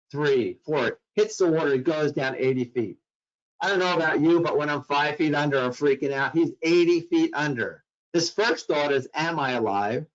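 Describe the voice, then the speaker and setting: A man's voice: a little high, muffled recording. A man giving a talk on mental health to workplace staff, telling a story dramatically and acting out the voices in it.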